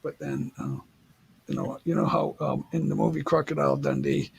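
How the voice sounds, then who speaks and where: A man's voice: mid-range voice, moderate pace, creaky, breathy edge. A man hosting a livestream, chatting casually and rambling as he reads the chat aloud. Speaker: livestream host.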